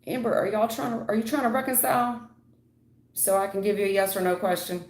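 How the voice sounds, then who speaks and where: A woman's voice: medium pitch, steady tone, a little fast, a little mellow. A woman giving blunt live tarot readings to viewers, calling them honey and sweetheart, lecturing and keeping it real. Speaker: tarot reader. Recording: echoey room.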